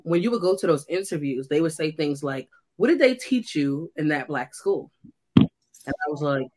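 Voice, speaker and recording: A young woman from the United States, co-hosting a casual chat and telling lively stories, acting out the voices of people she quotes. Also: low voice. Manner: animated storyteller, acts out quoted dialogue. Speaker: co-host.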